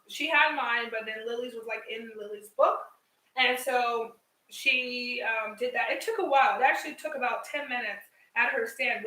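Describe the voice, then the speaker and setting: A young woman telling a story to her viewers in a casual vlog, animated and chatty, laughing often and addressing them as y'all. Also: a little high, echoey room, distant mic, poor audio. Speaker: vlogger. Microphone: headset mic.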